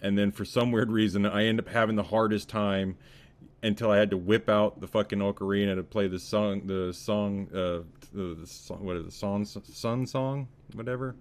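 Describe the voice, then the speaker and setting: A man co-hosting a casual podcast chat, swearing freely as he tells animated stories. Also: lowish voice, moderate pace. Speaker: podcast co-host.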